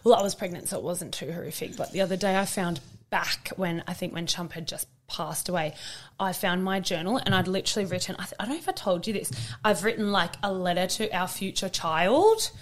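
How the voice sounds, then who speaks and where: Animated, swearing Australian woman. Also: on the low side, fairly quick. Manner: animated storytelling, swears freely, acts out quotes. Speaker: podcast co-host. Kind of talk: casual chat.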